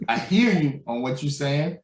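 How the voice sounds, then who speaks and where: A man's voice: a little high, normal speed, far from the mic. A man co-hosting a casual podcast, talking animatedly and acting out people he quotes. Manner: animated, acts out quoted voices, laughs loudly. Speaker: podcast co-host. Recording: echoey room, voice a bit off mic.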